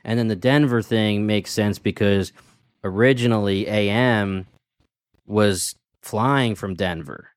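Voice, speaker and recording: Guy with a smooth lowish voice hedging his way through a recap, dry sound. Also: takes it slowly, dry recording. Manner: chatty, hedging explanations. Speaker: podcast co-host. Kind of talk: casual episode recap chat.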